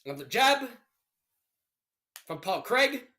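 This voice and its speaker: A young man offers playful, worked-up commentary on a live fight stream, now and then erupting loudly. His voice is very high-pitched, yet he speaks slowly.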